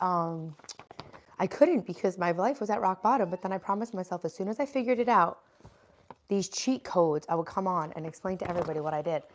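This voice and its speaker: A woman hosting a casual livestream, chatting and answering viewer comments as they come in. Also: lowish voice. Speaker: livestream host.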